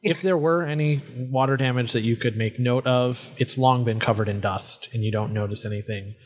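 Guy gm narrating a tabletop game slow and steady, middle pitch. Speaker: game master.

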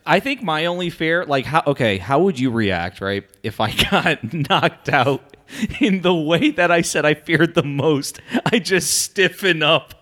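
A man's voice: on the high side, expressive, measured pace, a bit bright. A man in casual podcast chat who laughs a lot and jokes drily.

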